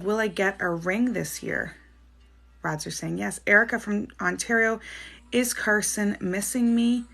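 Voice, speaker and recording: A Canadian woman hosts a psychic livestream, reading viewers' names and questions aloud and answering in a chatty, reassuring way. Her voice sits at medium pitch, creaky and fairly bright.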